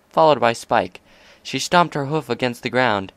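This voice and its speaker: A man narrating a fan fiction story aloud in a steady, even delivery. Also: medium pitch, moderate pace, smooth, dry recording.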